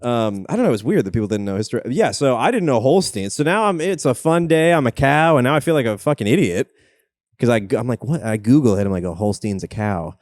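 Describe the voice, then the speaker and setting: A young man hosting a comedy podcast, telling rambling anecdotes in casual chat, swearing and jumping up in pitch when excited. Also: quick pace, dry recording, studio quality. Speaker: podcast host.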